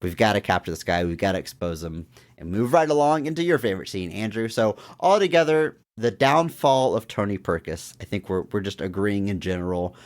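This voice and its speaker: This is a man co-hosting a movie podcast with a fairly low voice. He chats loosely about a film and slips into playful impressions of its lines. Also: fairly quick. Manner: animated, acts out quotes from scenes. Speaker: podcast co-host. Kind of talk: casual movie discussion podcast.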